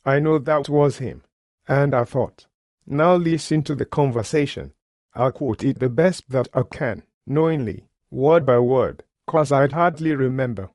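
A man's voice: medium pitch, a little slow, a little mellow, no echo. Male preacher, earnest storyteller, mid-range voice, dry close sound. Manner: earnest, plain-spoken, colloquial grammar. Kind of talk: sermon testimony storytelling.

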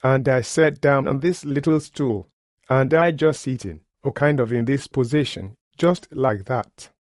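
A man's voice: medium pitch, a little slow, no room sound, clean studio sound. A man preaching, telling a personal testimony in an earnest, plain-spoken way with colloquial grammar. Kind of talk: sermon testimony storytelling.

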